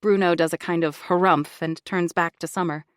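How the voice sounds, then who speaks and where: A woman's voice: lowish voice, moderate pace, dry recording, studio quality. Woman narrating a first-person audiobook. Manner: expressive, confiding inner-monologue reading.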